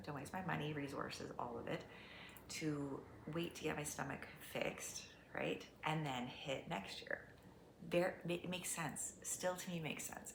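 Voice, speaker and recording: A woman's voice: low-pitched, gravelly. Casual vlog woman, candid and chatty, echoey room with faint background hum. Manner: chatty, candid, trailing off into soft near-whispers. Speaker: vlogger, fitness competitor. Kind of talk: casual vlog talk to camera.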